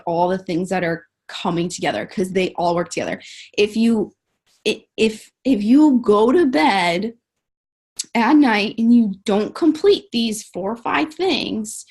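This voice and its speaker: Using a mid-range voice, a woman coaches her network marketing team over a live stream. She's upbeat and emphatic, frequently saying "like" and "guys."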